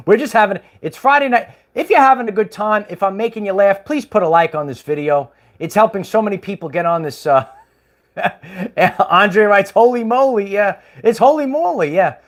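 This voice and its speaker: Higher-voiced man, casual rambling livestream host, chuckles often. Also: expressive, moderate pace. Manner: rambling, chuckling, many fillers.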